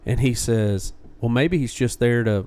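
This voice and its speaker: A man hosting a podcast, excitable as he tells a story. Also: medium pitch, a little slow. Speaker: podcast host. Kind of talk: casual chat.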